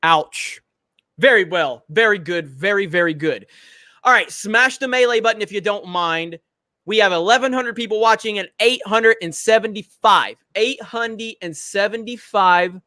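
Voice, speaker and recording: Blunt, bright-voiced male host. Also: sits high, moderate pace, dry recording, studio quality. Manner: blunt, confrontational, profane. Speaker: show host. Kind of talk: casual livestream chat.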